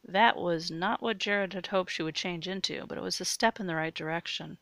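Woman reading an erotic audio story, low gravelly voice, dry close sound. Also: moderate pace, a bit bright, no room sound. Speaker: narrator.

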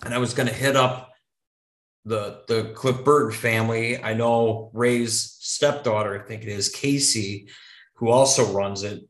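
A man's voice: medium pitch, fairly even intonation, measured pace. Man telling a rambling story in an echoey room. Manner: rambling, with frequent restarts and casual swearing. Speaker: podcast guest. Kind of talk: casual conversational storytelling.

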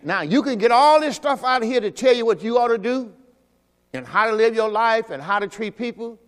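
A man pastor preaching a Sunday sermon, swinging between loud exhortation and quiet asides. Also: very high-pitched, animated, fairly quick, clean tone. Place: church during a Sunday service. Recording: long reverb from a church hall.

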